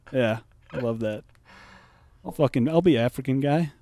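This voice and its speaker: A man's voice: medium pitch, moderate pace, mellow, no echo. Crude laughing podcast co-host, man. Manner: blunt, swearing, laughing often. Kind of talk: casual crude podcast chat.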